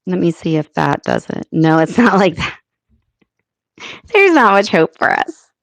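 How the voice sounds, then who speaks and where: An American woman hosts a relaxed livestream chat, talking slowly and thinking out loud. Her voice sits a little low. The sound is dry and close, with no room around it. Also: vocal fry, no room sound. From United States. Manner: chatty, thinking aloud with many fillers. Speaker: livestream host. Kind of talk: casual live chat.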